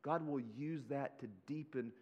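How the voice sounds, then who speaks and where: A man preaching a sermon as pastor, animated and conversational, talking straight to his listeners in casual slang. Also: mid-range voice, a little slow, muffled recording. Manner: slips into casual slang like "y'all".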